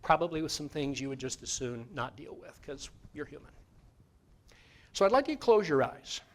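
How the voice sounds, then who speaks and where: A man giving a conversational sermon as guest minister in a church, moving between loud emphatic lines and soft guided meditation. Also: a little high, very animated, normal speed. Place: church sanctuary.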